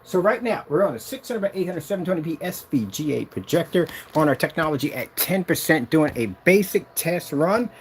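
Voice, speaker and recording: A man casually demonstrating a projection screen on a vlog, excited and rambling, boasting about his product. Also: fairly quick, hardly any pauses, slight background noise. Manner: sings snatches of a tune in a high voice.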